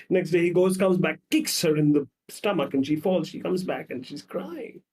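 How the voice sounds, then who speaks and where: A man, a psychologist guest on a podcast, tells stories dramatically and acts out the scenes, swinging between loud and soft. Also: fairly high pitch, moderate pace, hardly any pauses. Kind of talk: podcast conversation.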